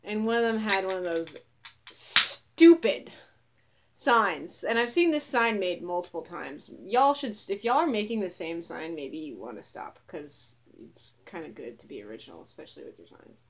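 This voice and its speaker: A woman's voice: lowish voice, very animated, moderate pace, few pauses, a bit bright, slight background noise. A young woman ranting in a casual vlog, profane, sarcastic and scornful as she recounts what she saw. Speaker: vlogger.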